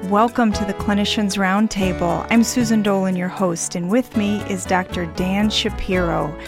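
A woman's voice: mid-range voice, fairly even intonation, moderate pace, music in the background. A woman hosting a radio interview show, reading polished, scripted introductions and asking questions. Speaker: host.

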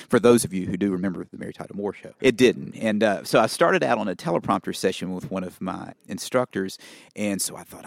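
A middle-aged man from Mississippi with a Southern accent, a family physician telling stories in a relaxed, folksy way during an interview. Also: sits low, quick pace, vocal fry, dry recording. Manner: relaxed, anecdotal, folksy asides. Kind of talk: storytelling interview answers.

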